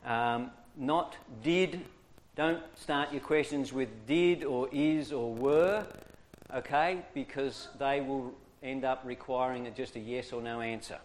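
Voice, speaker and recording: A man teaching a church training class, his voice at an ordinary middle pitch. He talks in a lively, coaxing way and keeps checking in with his listeners. A faint hum of noise sits behind him. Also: takes it slowly.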